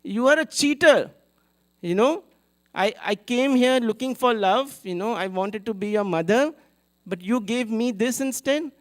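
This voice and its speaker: A man voicing an old village fruit-seller woman, a desperate devotee, in a high, pleading, emotional voice while telling a story in a sermon. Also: unhurried. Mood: anguished.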